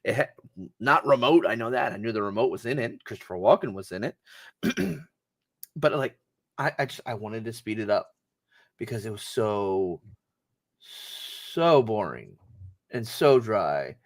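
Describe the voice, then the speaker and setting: Man, podcast co-host, casual chat, lively pitch, stammering, excitable. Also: measured pace, pauses often, no room sound, clean studio sound.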